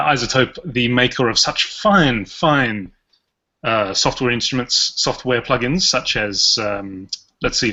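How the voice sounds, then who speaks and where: This man hosts a podcast with an Australian accent, drifting through loose, joking conversation and frequently chuckling. He has a mid-range voice with a sharp tone, and the podcast audio is dull and lo-fi.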